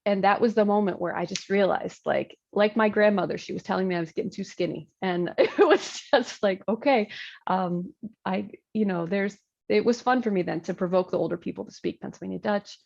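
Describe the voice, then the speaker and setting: A woman's voice: medium pitch, a little fast, creaky, darkish tone, muffled recording. A woman in her thirties from Michigan, a Lutheran pastor, talking casually in an interview, chatty, with frequent laughs and many fillers.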